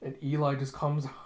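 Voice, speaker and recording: A man's voice: medium pitch, slight background noise. A man casually recapping a comic, in a loose, rambling way full of fillers. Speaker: manga recap host. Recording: roomy echo.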